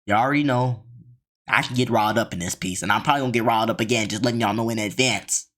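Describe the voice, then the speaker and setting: A man's voice: on the low side, fast, fairly bright tone. A man hosting a reaction video, ranting in slangy, riled-up commentary and mocking people in put-on voices.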